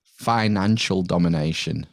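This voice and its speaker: A British man with a very deep voice spins an offhand, laid-back story in casual podcast chat. He swears freely and breaks into laughter easily. The sound is dry and close, with no room echo. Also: unhurried, creaky. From United Kingdom. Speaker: podcast guest or co-host.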